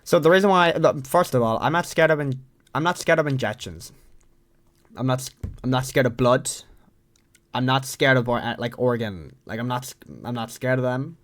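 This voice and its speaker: A man's voice: medium pitch, moderate pace, a bit bright. A young Irish man telling a story to camera in a rambling, profane, self-mocking way. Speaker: vlogger.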